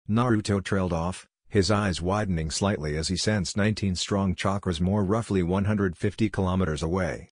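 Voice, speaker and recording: A male narrator reading fan fiction aloud with a steady, even delivery. His voice is very low, and the recording is dry and close with no room echo. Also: normal speed, hardly any pauses.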